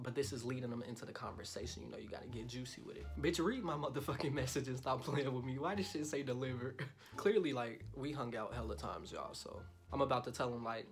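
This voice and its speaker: A young man vlogs in a loud, joking voice full of swearing, then turns soft and mock-tender when he reads out his messages. His voice sits at an average pitch, and music plays clearly behind him. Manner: loud, profane and joking, swings to soft mock-romantic reading. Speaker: YouTuber. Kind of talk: casual vlog talk.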